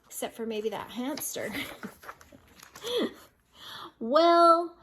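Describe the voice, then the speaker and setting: A woman's voice: high voice, lively intonation, very slow, noisy background. An older woman reading a picture book aloud to children, amused and breaking in with chatty asides. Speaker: storyteller.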